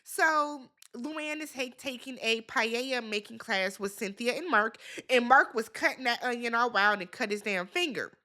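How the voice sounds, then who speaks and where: Sassy woman recapping reality TV, bright voice. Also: fairly high pitch, lively intonation, moderate pace, few pauses. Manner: sassy, talks back to the people on screen; chatty, with laughs and filler words. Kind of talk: casual TV recap commentary.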